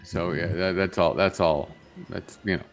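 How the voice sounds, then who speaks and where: A man's voice: sits low, steady tone, moderate pace, faint music behind. A male co-host reading oddball lists aloud on a casual morning show, amused and stumbling over his words now and then.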